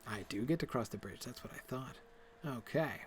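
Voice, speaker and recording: A man's voice: medium pitch, expressive, normal speed, slight background noise. A man hosting a stream, giving a casual, digressive lecture while playing a game, full of fillers and restarts. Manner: enthusiastic, laughs at himself. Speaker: host.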